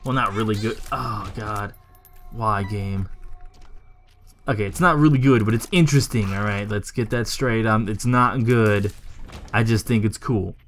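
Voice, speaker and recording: A young man commentating his own game play, joking, swearing and talking back to the game, his voice jumping high when he gets irritated. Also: unhurried. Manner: excitable, swings into high yelps when irritated; jokey, swears, talks to the game. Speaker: gaming YouTuber.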